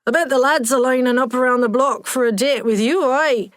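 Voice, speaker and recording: A woman's voice: sits high, brisk, no room sound, voice pushed up, lightly acted. A lecherous old Scotsman with a thick brogue, put on by a woman reading a storybook, cheeky and winking. He sounds close and dry, as if right at the microphone. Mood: leering. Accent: Scottish. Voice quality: thick accent, winking flirt. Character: gruff old Scottish man, leering.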